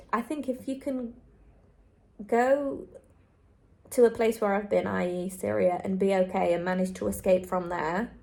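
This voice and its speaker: A woman's voice: medium pitch, darkish tone. Earnest woman vlogging to camera. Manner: earnest, repetitive, heartfelt. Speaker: travel vlogger. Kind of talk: candid vlog monologue to camera.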